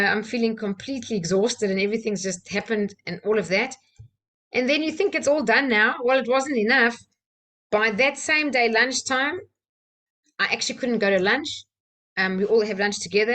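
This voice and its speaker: A woman, a personal-development trainer from South Africa, telling a candid personal story with soft laughs and fillers. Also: medium pitch.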